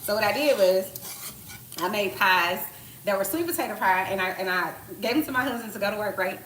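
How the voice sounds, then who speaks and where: A woman's voice: mid-range voice, animated, a little fast, fairly bright tone, slight background noise. Chatty woman cooking in an echoey kitchen. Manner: chatty, slangy, full of asides and rhetorical questions. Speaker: cooking live-streamer. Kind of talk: casual cooking live stream. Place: home kitchen. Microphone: tablet propped on the counter. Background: clatter of pots, utensils and stirring.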